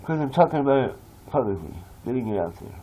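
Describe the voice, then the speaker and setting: Husky man, mid-pitched, unscripted confessional vlog, blunt, curses freely. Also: big pitch swings, quick pace, mellow, rough recording. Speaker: vlogger. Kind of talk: rambling confessional monologue.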